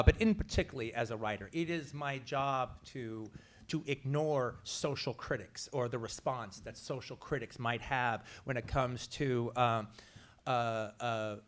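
A man, a writer and filmmaker, answering a question at a press conference, halting with many fillers. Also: mid-range voice, a bit bright.

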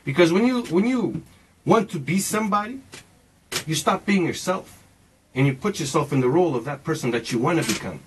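Animated, swearing man in his forties. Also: fairly high pitch, brisk, a little hiss or hum, low-quality recording. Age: 40s. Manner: swearing, emphatic, philosophizing, addresses listener as man. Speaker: speaker sharing personal views. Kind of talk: casual rambling monologue.

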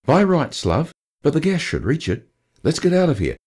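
A headstrong, quick-witted northern mum who talks briskly and cheekily, voiced by a man. Her voice is pitched well up and slightly husky, and it leaps about freely. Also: big pitch swings, a little mellow. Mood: scheming. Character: bossy, quick-witted northern English mother.

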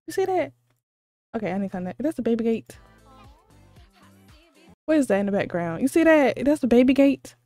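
A woman with a fairly high voice gushes through a reaction video, squealing exclamations and saying the same thing again and again. She sounds a little sleepy because it is late at night. The sound is dry and close, with faint music underneath. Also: sing-song, a little fast, long pauses, dark tone, dry recording. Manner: gushing, squealing exclamations, repeats herself. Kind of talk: excited casual reaction commentary.

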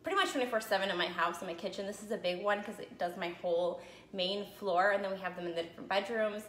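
A woman's voice: medium pitch, quick pace, slight background noise. Chatty woman, slightly out of breath. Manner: chatty, keeps checking in with "okay?" and "right?". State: a little out of breath after a run. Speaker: essential oil seller. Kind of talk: casual live video talk. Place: her home. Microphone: phone. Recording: echoey room.

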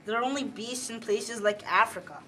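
A young woman playing a cautious boy leader who tries to keep the others calm, in an amateur school drama reading. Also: on the high side, recorded from a distance. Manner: calm, measured, reasoning.

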